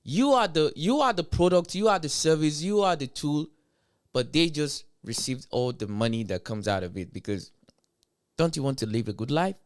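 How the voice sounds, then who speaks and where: A man's voice: on the high side, lively intonation, moderate pace. Blunt, profane man ranting on a live stream. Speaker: commentary streamer.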